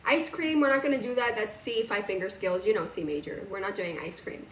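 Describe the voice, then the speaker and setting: A woman's voice: medium pitch, a little fast, recorded from a distance, a little hiss or hum. Chatty woman piano teacher, roomy. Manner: casual, chatty, laughs often. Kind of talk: recorded music lesson. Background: piano playing.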